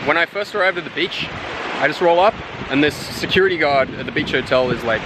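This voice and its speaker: A man's voice: a little high, fast talker. Australian guy, casual travel vlogger, rambling and profane, wind and traffic noise on a camera mic. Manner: rambling, profane, animated when telling stories. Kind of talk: casual walking vlog. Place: outdoors by a windy beach and city road.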